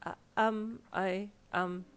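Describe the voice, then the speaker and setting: A woman with an Australian accent voicing an eager, flustered young man who stammers in a raised, bright voice. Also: slow, clear, resonant tone. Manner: high, bright, stammering and excitable. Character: flustered, eager young male volleyball player.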